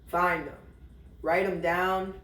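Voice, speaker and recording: A high-pitched man recounting his own story for a podcast in a blunt, profane way, as if talking straight to his ex. He takes his time with each thought. The room is echoey and he sits back from the microphone. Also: level tone, slow pace, sharp tone, far from the mic, slight background noise. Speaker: podcast host. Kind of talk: candid storytelling monologue. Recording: roomy, a little off-mic.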